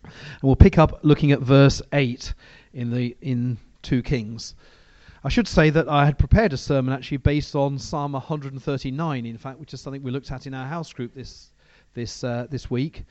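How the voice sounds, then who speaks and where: A man's voice: medium pitch, steady tone, moderate pace, a little mellow, dry recording, lo-fi sound. A man preaching a sermon and reading from the Bible, talking in a conversational way with frequent restarts.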